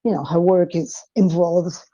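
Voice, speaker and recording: Casting note: young woman with a French accent, low-set, hesitant guest chat, dull lo-fi line. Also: fairly even intonation, unhurried, warm tone. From France. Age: young adult. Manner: hesitant, full of fillers. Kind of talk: casual chat.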